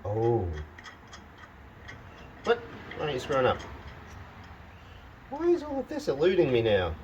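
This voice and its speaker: A man's voice: mid-range voice, wildly swooping pitch, unhurried, darkish tone, dull audio, a little hiss or hum. Man muttering to himself in his shed. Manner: mutters to himself and talks to the parts as he works; wry, grumbling, self-mocking. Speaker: home mechanic and channel host. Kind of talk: casual workshop vlog, thinking aloud. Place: home shed or garage.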